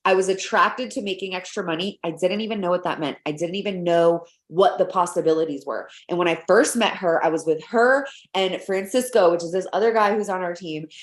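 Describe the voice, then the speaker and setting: A woman from Atlanta leading a sales team video call, talking in an excited, rambling way with lots of "like". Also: lowish voice, a little fast, hardly any pauses, roomy sound. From Atlanta, USA.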